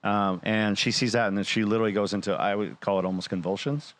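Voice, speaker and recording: A man's voice: on the low side, fast talker, no room sound. A man telling a long personal story in casual talk, acting out what others said to him. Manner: animated, quotes others in dialogue. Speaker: show guest or panelist.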